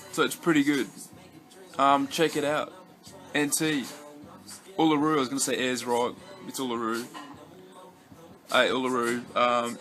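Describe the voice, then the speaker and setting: A young Australian man chats loosely into his camera, his voice pitched around the middle. He wanders off track, swears freely and trips over his own words, with soft music playing in the background. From Western Australia. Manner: rambling, heavy swearing, many restarts and fillers. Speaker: vlogger. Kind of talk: casual rambling vlog chat.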